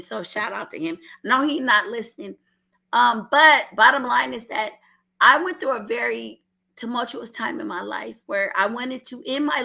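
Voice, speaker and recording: A middle-aged woman from Oakland, California, with an Oakland accent, gives an emotional testimony on a call-in show, telling an earnest personal story while holding back tears. Her fairly high voice is gravelly with a sharp tone, and she repeats herself as she speaks.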